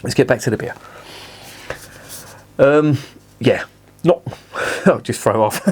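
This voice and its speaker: A man reviewing beer in a blunt, sweary, animated rant. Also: medium pitch, measured pace, pauses often. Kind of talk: casual ranting review.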